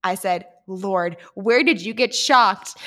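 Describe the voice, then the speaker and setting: Woman host, casual podcast chat, animated storyteller with a bright tone, laughs a lot. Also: medium pitch, slow pace. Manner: reads texts aloud dramatically, laughing often.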